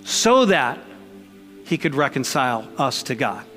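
A man's voice: mid-range voice, very animated, measured pace, fairly bright tone, big-room sound, soft background music. A man preaching a sermon as pastor, conversational and emphatic, mixing blunt jokes into his points.

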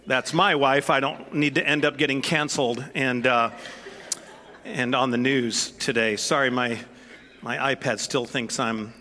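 Bright-voiced, jokey male pastor. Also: mid-range voice, measured pace, big-room sound. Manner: jokey, animated, storytelling. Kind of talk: sermon with storytelling. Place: church sanctuary.

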